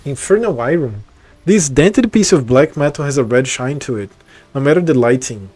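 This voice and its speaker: A young male streamer talks casually over his game, reading text aloud and cursing now and then. His voice is mellow and dark in tone. Soft music plays faintly in the background. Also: mid-range voice, lively intonation, moderate pace, poor audio. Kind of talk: casual gameplay commentary.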